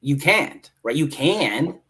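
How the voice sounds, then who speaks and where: A Marine staff sergeant in his thirties, appearing as a podcast guest, tells stories in casual chat, animated and casually swearing. His voice is husky, on the high side, and slow-paced.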